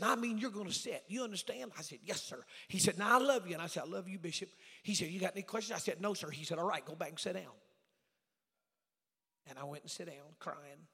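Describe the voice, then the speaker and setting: A middle-aged man preaching a storytelling sermon in a folksy way, swinging from loud preaching to hushed asides. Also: fairly high pitch, breathy edge. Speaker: evangelist preacher. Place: church sanctuary. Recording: reverberant church hall.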